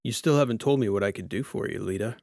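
A man voicing an easygoing male cyborg mechanic who jokes, speaking a little louder than his narration. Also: lowish voice, quick pace, no room sound, studio quality. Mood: friendly. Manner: easygoing, joking.

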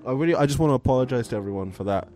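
Male podcast co-host, sarcastic and mocking, expressive pitch. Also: racing, soft background music. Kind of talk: casual banter.

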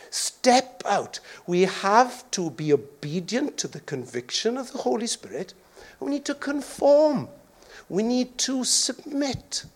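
A man's voice: high-pitched, slow pace. A man preaching a sermon as pastor, joking and acting out voices along the way. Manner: jokey, animated, acts out voices.

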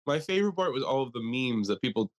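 A young man in loose podcast banter, talking at an everyday middle pitch. He rambles crudely and jokes around, slipping into mocking asides. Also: lively intonation, fast talker. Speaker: podcast co-host. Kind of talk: casual chat.

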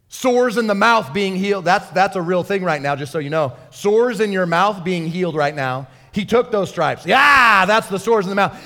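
A male pastor preaching a fervent, excitable sermon in a church hall. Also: sits high, normal speed, hardly any pauses.

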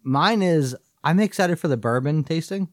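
A man co-hosting a casual podcast, talking in a rambling, halting way with lots of fillers. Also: on the high side, animated, no echo, clean studio sound. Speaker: podcast co-host. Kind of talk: casual chat.

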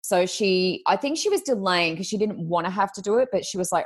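A woman chatting as a podcast guest, telling a story in a lively, laughing way. She slips into quick impressions of the people she describes, and her voice jumps high for the funny bits. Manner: lively, laughing, mimics others' voices in quotes. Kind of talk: casual chat, animated storytelling.

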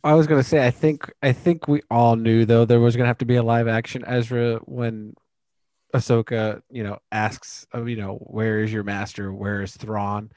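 A man co-hosts a casual podcast chat, talking loosely and often repeating himself. His voice sits at an ordinary pitch, and the sound is dry and close. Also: flat delivery, normal speed, a little mellow, no room sound. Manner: chatty, repeats words with you know. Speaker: podcast co-host.

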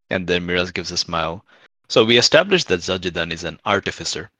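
A man with a very low voice and a bright edge speaks quietly and earnestly as his character in a tabletop game. The sound is close and dry, with no room around it. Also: animated, fast, no room sound. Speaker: player.

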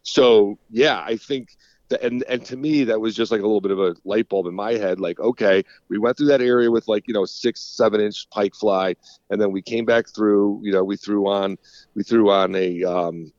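Fishing guide, male, low voice, easygoing rambler; muffled dry phone sound. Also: moderate pace, dry recording. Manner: rambling, relaxed, swears casually. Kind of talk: casual phone interview. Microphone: phone call.

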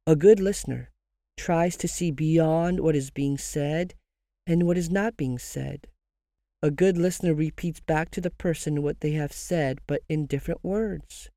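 A podcast host talks through grief advice in a calm, measured counselling tone and slows down on key phrases. The voice is warm and mellow, and it is recorded close and dry with no room sound. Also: medium pitch, no echo. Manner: asks listeners rhetorical questions. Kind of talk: scripted podcast monologue giving grief advice.

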